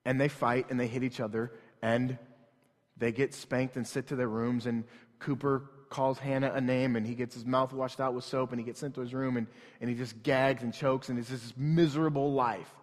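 A man's voice: mid-range voice, level tone, normal speed. A man in his thirties preaching a sermon in a church, telling a story in an earnest, conversational way. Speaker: pastor. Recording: long hall reverb.

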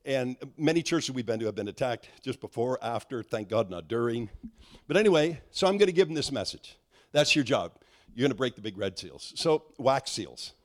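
A man's voice: medium pitch, normal speed. A middle-aged man preaching a sermon, telling a story and acting out the dialogue, with frequent restarts. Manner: animated, acts out dialogue, restarts often.

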